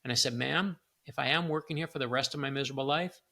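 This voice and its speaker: Man, middle-aged, author guest, bright tone, gravelly edge, animated storyteller. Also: medium pitch, fast. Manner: animated storyteller, acts out quoted lines. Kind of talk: storytelling in a conversation.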